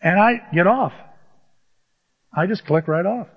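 A man's voice: sits high, measured pace, husky. A man preaching a sermon as pastor, conversational and humorous, rising to emphatic peaks. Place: church. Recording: dull sound with long church reverb.

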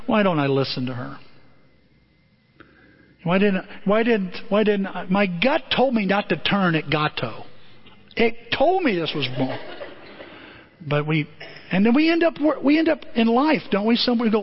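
Man preaching, high voice, animated story sermon, dull lo-fi sound. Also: normal speed. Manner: animated, conversational storytelling with comic asides. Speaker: pastor. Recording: dull lo-fi audio.

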